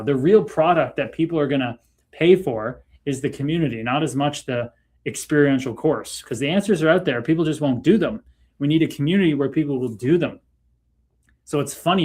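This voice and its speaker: A man's voice: on the high side, darkish tone. Upbeat chatty Canadian man. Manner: laid-back, chatty, laughs often, talks to viewers by name. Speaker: livestream host. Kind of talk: casual livestream chat reading comments.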